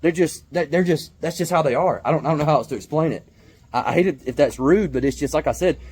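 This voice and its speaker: A man's voice: mid-range voice, a little mellow. A man, ranting casually to camera about rival football fans, stammering and restarting often. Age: 20s. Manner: heated, repetitive, stammering restarts, mocking put-on voices. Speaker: vlogger, Georgia football fan.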